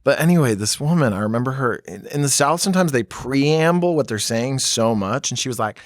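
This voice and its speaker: A man from Tennessee co-hosting a podcast, telling stories in a casual, animated way. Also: medium pitch, dry recording, studio quality. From Tennessee, USA. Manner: animated storytelling, quick to laugh. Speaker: podcast co-host. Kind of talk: casual chat.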